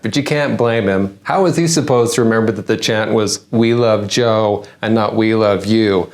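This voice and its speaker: A comedian hosting a news-parody segment performs a satirical monologue in a middle-pitched male voice. Like a stand-up working through the day's headlines, he fires off sarcastic punchlines one after another.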